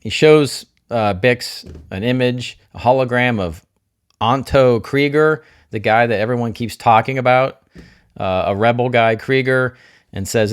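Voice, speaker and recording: A man's voice: mid-range voice, measured pace, clean tone. A man giving a casual spoiler review of a TV episode. He thinks aloud, keeps asking himself questions, throws in jokey asides and gushes openly about the scenes he loves. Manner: openly emotional, gushing. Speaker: TV show reviewer.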